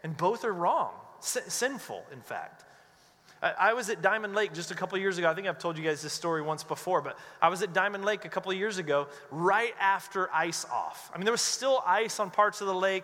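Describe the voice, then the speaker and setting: A man preaching with a high, bright and forceful voice. He tells his stories with animation and slips into the voices of the people he quotes. His sermon rings out with the long reverb of a church hall. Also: normal speed, few pauses. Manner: animated storyteller who acts out quoted voices. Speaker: pastor.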